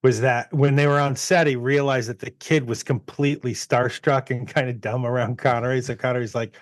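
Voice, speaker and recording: Male podcast co-host, mid pitch, chatty storyteller, laughs often, dry close mic. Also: fairly even intonation, fairly quick, no echo. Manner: rambling, laughing often, retelling anecdotes. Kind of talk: casual chat.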